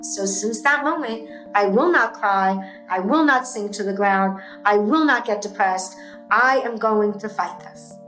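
A woman's voice: medium pitch, measured pace, fairly bright tone. Emphatic woman guest in an echoey room. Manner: emphatic, intense, repeats for force. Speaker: entrepreneur guest. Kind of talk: emotional personal storytelling. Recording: roomy echo with faint music.

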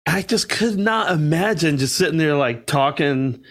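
A man co-hosting a podcast talks in a relaxed, reflective way, his phrasing loose. His voice sits a little higher than most men's. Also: moderate pace. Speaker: podcast co-host. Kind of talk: casual podcast chat.

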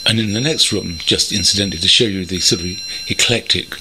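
An older man from North London, a veteran copywriter, reminisces reflectively as an interview guest at a country home. His deep voice comes through a very noisy recording, and he speaks in a thoughtful, measured way with frequent pauses and ums.

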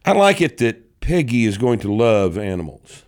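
A man hosting a casual chat, reading viewer comments aloud and mocking them. His voice sits at an everyday male pitch but swings up and down with lively expression. His humor is crude and sarcastic. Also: moderate pace. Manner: crude jokes. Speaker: podcast host.

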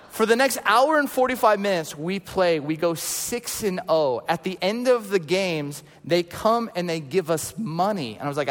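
A man's voice: high voice, normal speed. A man preaching a sermon in a casual storytelling way, acting out the people in his stories. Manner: casual and animated, acts out quotes. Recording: long hall reverb.

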